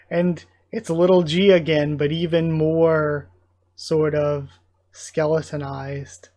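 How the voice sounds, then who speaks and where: A man's voice: a little high, darkish tone. A young man hosting a casual manga readthrough, describing the panels and reacting emotionally. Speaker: channel host reading a manga aloud.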